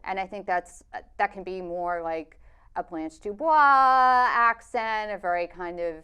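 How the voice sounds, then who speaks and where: Thoughtful woman guest, smooth voice. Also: medium pitch, bright, forceful tone. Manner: thoughtful, measured, with fillers. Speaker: documentary filmmaker, interview guest. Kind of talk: radio interview answers.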